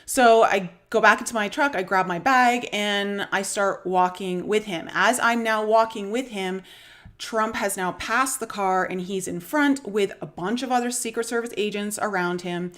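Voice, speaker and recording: A woman's voice: medium pitch, normal speed, fairly bright tone. A woman with a Canadian accent telling a long dream story on a live stream, casual and rambling, with many fillers and small laughs. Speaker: spiritual vlogger.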